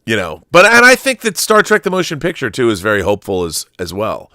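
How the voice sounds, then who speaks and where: Bright-voiced man telling rambling stories. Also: fairly low pitch, wildly swooping pitch, quick pace, no echo, clean studio sound. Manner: rambling, restarts, emotional storytelling. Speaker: channel host. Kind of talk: casual conversational chat.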